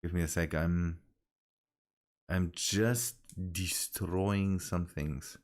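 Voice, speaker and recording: Slow, halting male game streamer. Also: low voice, steady tone, a little mellow. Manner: halting, restarts phrases while busy. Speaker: streamer directing teammates. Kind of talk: casual gaming chat.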